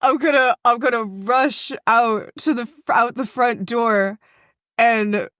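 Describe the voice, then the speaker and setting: A woman's voice: on the high side, takes it slowly, fairly bright tone, no echo, clean studio sound. A woman playing a tabletop game, giggly and exclaiming, swearing freely as she reacts in character. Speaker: player.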